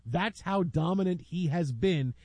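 A man hosting a casual sports talk show, joking and riffing between highlights. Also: lively intonation, darkish tone, no room sound. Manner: joking, riffing, quick asides.

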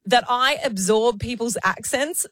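A woman in her thirties is co-hosting a casual podcast. She is teasing and self-deprecating and laughs often, with a slightly high voice. The recording is dry and close. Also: unhurried, fairly bright tone, no room sound. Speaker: podcast host. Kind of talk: casual chat.

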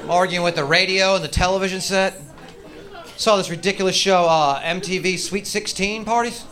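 Profane ranting stand-up comedian. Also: male voice, high-pitched, fairly even intonation, normal speed, crowd noise. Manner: profane, ranting, mock-angry. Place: comedy stage. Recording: noisy live stage recording.

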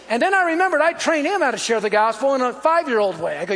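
A man's voice: very high-pitched, big pitch swings, fast, few pauses, fairly bright tone, slight background noise. A man preaching a sermon, telling stories and urging his listeners with punchy lists. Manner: storytelling, exhorting, punchy lists. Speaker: pastor. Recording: echoey hall.

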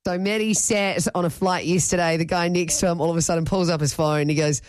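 A woman's voice: fairly low pitch, fairly even intonation, brisk, darkish tone, dry recording, clean studio sound. A woman co-hosting a radio show, bantering, laughing and exclaiming often. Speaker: radio co-host. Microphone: studio mic.

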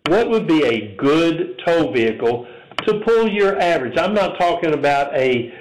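A man hosting a casual interview, curious and hesitant, pausing on many fillers as he asks his questions. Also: a little high, very animated, a little hiss or hum. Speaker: interview host. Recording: echoey room.

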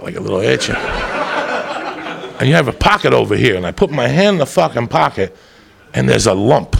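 A man's voice: medium pitch, a bit bright. A man doing stand-up, telling a story in a rowdy, boisterous, profane way. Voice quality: gravelly. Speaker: stand-up comedian.

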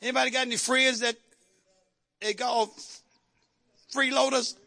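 A man's voice: very high-pitched, flat delivery, measured pace, gravelly, sharp tone. A man preaching a dramatic, humorous sermon with call-and-response. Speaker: pastor.

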